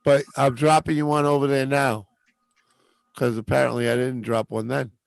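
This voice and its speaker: A man's voice: mid-range voice, little pitch movement, moderate pace, creaky, no echo. A man with a New England accent co-hosting a casual livestream chat, blunt, teasing and liberally profane. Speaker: co-host.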